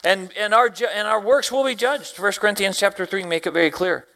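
Bright-voiced preacher man. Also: sits high, vocal fry. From Tennessee, US. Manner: swings from hushed to loud exclamations; quotes scripture in slow, drawn-out phrasing. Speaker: deacon and Sunday school teacher. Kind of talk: sermon.

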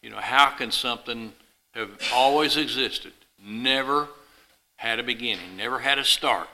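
Casting: male preacher, folksy and rambling, sharp bright tone, addressing a live congregation. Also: medium pitch, normal speed, rough recording. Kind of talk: sermon with illustrative story.

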